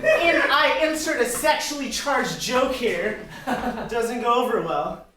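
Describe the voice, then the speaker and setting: A woman's voice: fairly high pitch, slow, very noisy. Woman narrating improv moves, echoey distant room. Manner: deadpan narrating her own scene moves. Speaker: improv performer.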